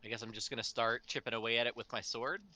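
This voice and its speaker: A man's voice: mid-range voice, fairly even intonation, quick pace, sharp tone. A man playing a tabletop game, hesitantly working out his actions and damage aloud. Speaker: player.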